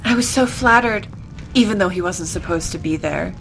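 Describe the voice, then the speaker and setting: A woman's voice: lowish voice, normal speed, gravelly, faint music behind. A young woman reading fan fiction aloud in a wry, dry way for comedy. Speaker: reader.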